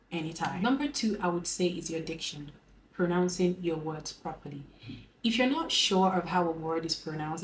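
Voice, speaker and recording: A young woman with a Nigerian English accent speaks slowly and calmly, choosing her words with care. Her voice sits a little low for a woman, with a faint hiss of noise behind it. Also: low-quality recording. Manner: slow, calm, deliberate delivery. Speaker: beauty and lifestyle vlogger. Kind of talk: advice vlog.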